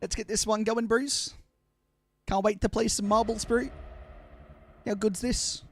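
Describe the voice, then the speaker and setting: A man putting on a New Zealand accent to play a cheery young bloke who keeps urging people to join, in a shouty, slangy way. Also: high-pitched, fairly even intonation, unhurried, slight background noise. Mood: hyped.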